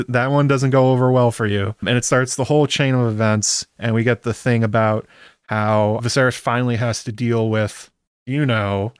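A man's voice: medium pitch, smooth, no room sound, clean studio sound. A man chatting wryly through a casual episode recap, dropping the odd swear word. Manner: chatty, wry, drops occasional swear words.

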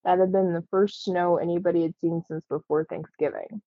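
A woman with a lowish voice tells a personal story in casual, halting speech, full of fillers. She sounds earnest throughout. The recording is dry and a little dull. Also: fairly even intonation, no echo.

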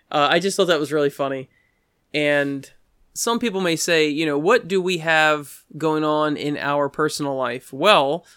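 A man's voice: a bit bright, clean tone, dry recording, studio quality. A man telling a rambling story in casual chat, breaking into quoted voices now and then. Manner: rambling, acts out quoted voices with pitch jumps.

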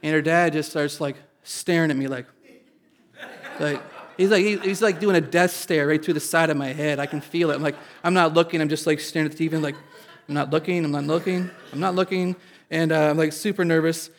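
A male pastor from Indiana tells an audience a personal story. He is animated and self-deprecating, and his voice sits somewhat high. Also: a little fast.

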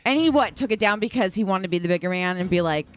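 A woman co-hosts a casual podcast and keeps pressing with pointed, disbelieving questions. Her pitch moves around a lot within an ordinary range. Faint music plays under the talk. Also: lively intonation, fast, smooth. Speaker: podcast co-host.

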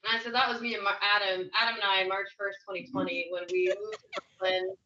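A woman's voice: mid-range voice, level tone, fast talker, sharp tone. A woman chatting casually and reading out film quotes hesitantly, with self-mocking asides. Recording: roomy, distant, slightly dull.

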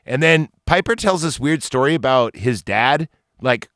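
A man's voice: mid-range voice, expressive, normal speed, fairly bright tone, no echo. A man recapping a movie in casual podcast chat, telling the plot in a rambling, profane way with lots of fillers. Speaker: podcast co-host recapping a film.

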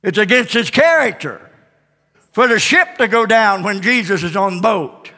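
A man's voice: high voice, lively intonation, normal speed, creaky, sharp tone. A male pastor preaching a fervent sermon with repeated refrains and call-and-response, recorded in a church sanctuary. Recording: long church reverb.

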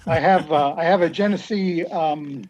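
A man's voice: a little high, normal speed, darkish tone, slight background noise. A man speaking as a guest in a casual chat, telling rambling stories in a laid-back way. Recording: dull lo-fi sound.

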